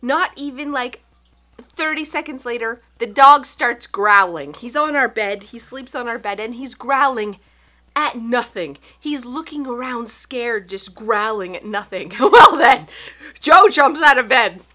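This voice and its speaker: A woman in her thirties telling a story to camera in a casual vlog, animated and breathless, breaking into laughs. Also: on the high side, measured pace. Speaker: home organizing vlogger.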